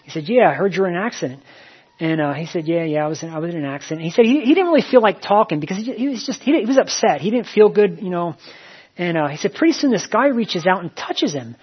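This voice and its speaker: A man's voice: high-pitched, animated, fast, slightly rough. A man preaching a sermon in a plain, conversational way, telling a story with many fillers and repeated phrases. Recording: dull lo-fi recording.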